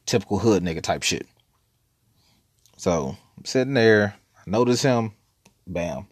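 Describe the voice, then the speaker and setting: A man with a deep, low voice tells a story in a loose, laid-back way, swearing freely and rambling between asides. The sound is dry and close, with no room around it. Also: lively intonation, a little slow, no echo. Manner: laid-back, profane, rambling with frequent laughs. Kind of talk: casual storytelling monologue.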